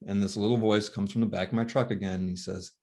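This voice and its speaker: A man recounting a painful family story as a father, talking softly and haltingly with many pauses and fillers, sounding worn and tired. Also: lowish voice, steady tone. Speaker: grieving father telling his story. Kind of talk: emotional personal storytelling.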